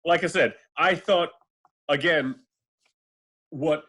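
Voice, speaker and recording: A man's voice: on the high side, takes it slowly, sharp tone. Rambling man giving film opinions. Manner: rambling, full of fillers and restarts. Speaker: podcast co-host. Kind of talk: casual podcast chat about films.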